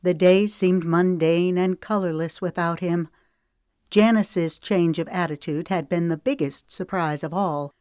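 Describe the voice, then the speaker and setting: Woman audiobook narrator, lowish voice, dry close sound. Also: steady tone, unhurried, darkish tone, smooth, no echo. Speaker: author reading her novel.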